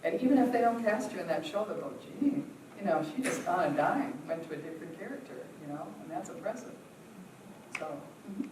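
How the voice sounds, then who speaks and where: A woman's voice: lowish voice, lively intonation, a little fast. A woman from the United States leading an acting workshop, answering questions in a chatty way with many fillers and frequent laughs. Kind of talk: casual Q&A teaching. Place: theatre workshop room. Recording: roomy, distant, faint noise.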